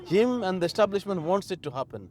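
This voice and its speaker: A man's voice: high voice, very animated, fast, a little mellow. A man from Bangladesh, a political commentator, speaking outdoors in a heated, emphatic monologue full of rhetorical questions. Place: outdoors in a city.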